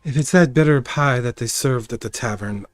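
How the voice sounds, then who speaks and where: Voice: mid-range voice, normal speed, no echo, faint music behind, close to an everyday voice. A game master voicing an impatient, cold woman of a sisterhood who wants to get on with her questions. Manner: clipped, cold, weary.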